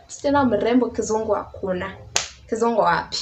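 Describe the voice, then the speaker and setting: A woman's voice: fairly high pitch, a little slow, long pauses, rough recording. A young woman with a Kenyan accent telling a casual storytime, chatty and mixing in Swahili slang. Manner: chatty, mixes English with Swahili slang, laughs often. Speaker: vlogger.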